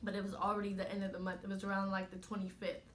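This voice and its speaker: A woman's voice: mid-range voice, monotone, very fast, a little hiss or hum. A girl in her late teens telling her own story to camera in a chatty way, full of "you know" and fillers. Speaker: vlogger.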